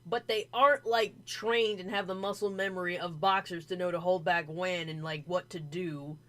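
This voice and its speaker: A woman hosting a casual podcast chat, animated and swearing freely with lots of fillers. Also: fairly low pitch, normal speed. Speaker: podcast host.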